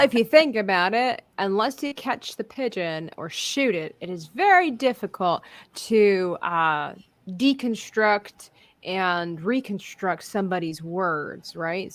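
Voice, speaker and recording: A woman's voice: mid-range voice, lively intonation, fairly bright tone, dry recording. Chatty woman hosting a livestream. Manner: chatty, reads out chat comments, quick asides and laughs. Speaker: co-host of a livestream. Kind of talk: casual livestream chat.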